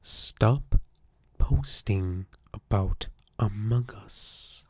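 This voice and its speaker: A snarky male character, as a man acts him out, teases fans in a whispered role-play, his soft breathy whisper drawn out very slowly. The voice sits low and mellow. His mock-soothing delivery stays deadpan throughout. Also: no room sound.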